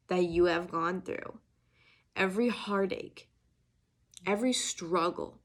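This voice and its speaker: A woman's voice: mid-range voice, takes it slowly. A young adult woman giving an earnest, emphatic channeled tarot reading, full of restarts and fillers. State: getting emotional. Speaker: tarot reader.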